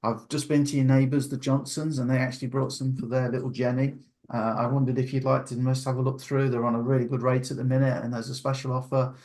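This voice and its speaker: A man voicing a hesitant male door-to-door book salesman with a flat, halting delivery. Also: mid-range voice, natural voice.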